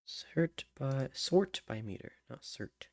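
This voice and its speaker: Slow, muttering man hums lyric ideas. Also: medium pitch, lively intonation, creaky, a little mellow, no echo. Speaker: songwriter. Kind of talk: thinking aloud while writing lyrics.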